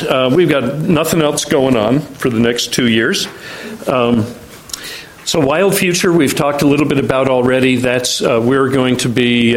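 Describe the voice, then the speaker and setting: A man's voice: medium pitch, rough recording. A man presenting updates at a meeting, talking with frequent ums and restarts. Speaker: agency outreach staff presenting at a meeting. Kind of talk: meeting briefing.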